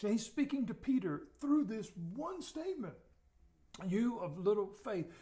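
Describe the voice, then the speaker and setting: Earnest man preaching a teaching lesson, higher-pitched, repeats words, softens to make a point. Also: lively intonation, unhurried. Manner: earnest, repeats words, drops to soft emphasis. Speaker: pastor. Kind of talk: sermon teaching.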